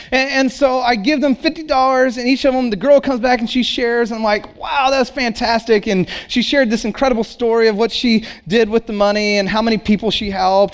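A man preaching a sermon as a pastor, in a conversational storytelling way. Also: high-pitched.

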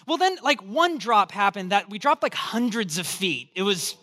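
A man preaching a sermon as pastor, telling a humorous story in an animated, joking way. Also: high voice, moderate pace. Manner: animated, joking storyteller, acts out quoted voices.

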